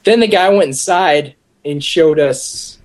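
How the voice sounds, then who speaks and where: A man's voice: fairly high pitch, slow. A young man casually telling a long, rambling anecdote with lots of restarts. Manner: rambling, animated, with many restarts. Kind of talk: casual storytelling.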